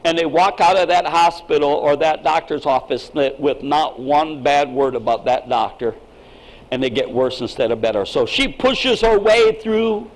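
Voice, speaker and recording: A pastor, an older man, preaching a sermon in an emphatic style that swings from quiet asides to shouting. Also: mid-range voice, steady tone, normal speed, low-quality recording.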